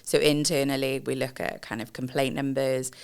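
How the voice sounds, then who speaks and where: A woman, a customer experience director, explaining in a measured way with frequent pauses and fillers in a podcast interview. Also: a bass voice, little pitch movement, clear, resonant tone. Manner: measured, explanatory, many ums.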